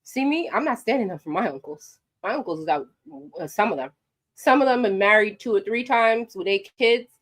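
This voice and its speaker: A woman from New York with a mid-range voice talks at a regular pace, giving sassy, animated commentary and addressing her viewers directly on camera.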